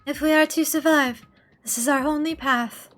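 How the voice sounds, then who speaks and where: A woman voicing a determined young man in a fan voice-over of a game, earnest and steady. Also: sits high, moderate pace, soft background music, voice pushed up.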